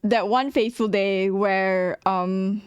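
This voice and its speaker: A young adult woman casually telling a story about her school days, animated, laughing often and swearing freely. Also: mid-range voice, slow, smooth, no echo.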